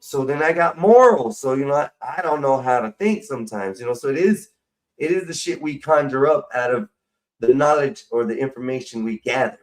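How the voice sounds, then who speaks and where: A man's voice: medium pitch, brisk, far from the mic. Middle-aged man, profane slangy livestream host, loose rambling talk.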